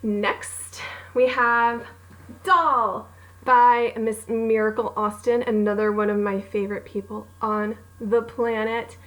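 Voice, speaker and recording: She takes it slowly, her slightly high, a bit bright voice keeping a steady tone. A young adult woman, an author and book vlogger, she chats casually about favorite books in a recommendation vlog, bubbly and gushing as she acts out her reactions. The recording is rough.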